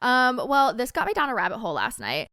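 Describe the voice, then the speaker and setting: A woman co-hosting a casual chat podcast, talking fast with quick asides and frequent laughs. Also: on the high side, wildly swooping pitch, pushed and bright, dry recording, clean studio sound. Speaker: podcast co-host.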